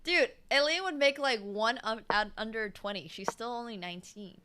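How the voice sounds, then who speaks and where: A woman's voice: a little high, normal speed, bright, forceful tone, a little hiss or hum. A woman in her twenties commentating chess on a live stream in a casual, chatty way, humming and laughing between remarks. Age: 20s.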